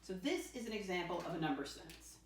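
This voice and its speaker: A woman's voice: fairly low pitch, big pitch swings, slight background noise. Sing-song teacher woman in a roomy space. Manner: sing-song teacher voice, spells words slowly letter by letter. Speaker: first-grade teacher. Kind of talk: teaching a lesson to young children. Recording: roomy sound with the mic at a distance.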